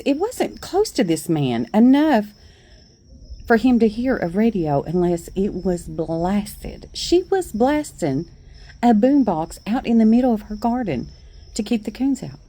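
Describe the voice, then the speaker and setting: A woman's voice: fairly high pitch, warm tone. A middle-aged woman telling a story on her porch in a chatty, folksy way, laughing along. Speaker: vlogger. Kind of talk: casual storytelling.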